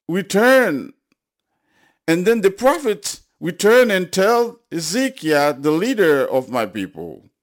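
Slow, higher-voiced male preacher. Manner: repetitive, building to loud emphatic appeals. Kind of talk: sermon.

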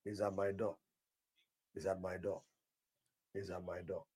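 A man's voice: deep voice, level tone, unhurried, dark tone, husky. An older male pastor leading fervent prayer, repeating short declarations and breaking into speaking in tongues.

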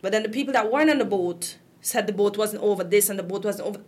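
A woman's voice: mid-range voice, fast talker, a little mellow. A woman from Guyana with a Guyanese accent, talking in a casual, impassioned and indignant way. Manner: impassioned and indignant, voice rising with upset. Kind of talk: emotional casual talk.

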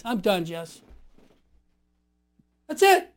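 A man's voice: very high-pitched, unhurried, pauses often. Emphatic man in his sixties. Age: 60s. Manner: emphatic, animated, building to forceful outbursts. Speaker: interview guest. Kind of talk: storytelling conversation.

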